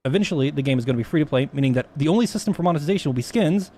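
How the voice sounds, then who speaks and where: A man's voice: fairly high pitch, animated, very fast, dark tone, slight background noise. A man talking casually on a stream, rambling with many restarts and plenty of swearing.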